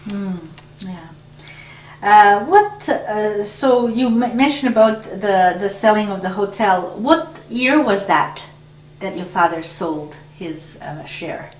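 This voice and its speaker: A woman interviewing an older man for an oral history project, asking questions softly and hesitantly. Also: medium pitch, expressive, slow, a little hiss or hum. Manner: soft-spoken and hesitant, with many fillers. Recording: echoey room, mic far from her.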